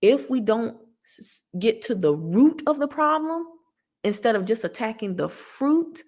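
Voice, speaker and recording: A woman's voice: fairly high pitch, very animated, a little slow, a little mellow. A woman with a Southern American accent, a credit tips host talking casually and preachily as she answers a viewer, laughing as she goes. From Southern United States.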